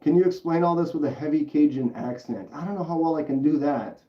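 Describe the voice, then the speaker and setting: A chatty man walks viewers through a hands-on demonstration, reading the chat aloud as he goes. His voice sits a bit higher than most men's. The recording is roomy and slightly dull. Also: fairly quick, distant mic. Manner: chatty, explains steps and reads chat aloud. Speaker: livestream host. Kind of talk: casual livestream demonstration.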